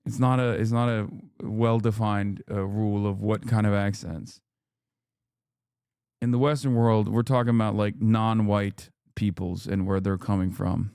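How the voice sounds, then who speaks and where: A man's voice: lowish voice, fairly even intonation, measured pace, a little mellow, smooth, no room sound, clean studio sound. A man in his thirties, from the United States, streaming and ranting emphatically with lots of swearing and repeated lines for stress. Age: 30s. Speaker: streamer and political commentator. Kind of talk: casual ranting commentary.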